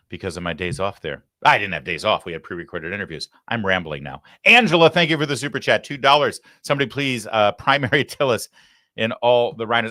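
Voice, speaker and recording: A man's voice: mid-range voice, bright, forceful tone, no room sound. A man hosting a live political talk show, delivering heated, sarcastic commentary into a studio microphone.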